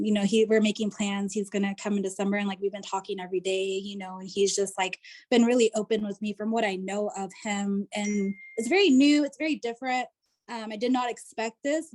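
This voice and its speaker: Chatty and full of "like" and "you know," a US woman shares a personal story as an interview guest on a video call. Her voice has a medium pitch and a slightly mellow quality.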